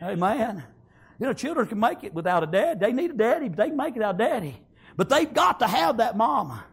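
A man's voice: very high voice, sing-song, a little fast, creaky, breathy edge. A man preaching a fervent sermon, peppering it with amens and praise God.

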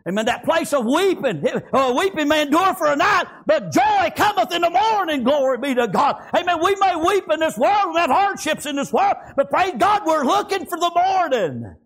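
A man preaching a fervent sermon, breaking into shouts and filling every pause with "praise God" and "amen". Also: very high voice, very animated.

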